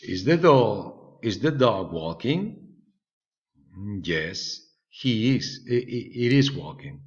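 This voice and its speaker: A man's voice: on the low side, sing-song, takes it slowly. A man whose first language is Spanish, patiently teaching an English lesson and checking in with "okay?" often. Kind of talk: recorded online English lesson. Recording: slightly dull lo-fi recording.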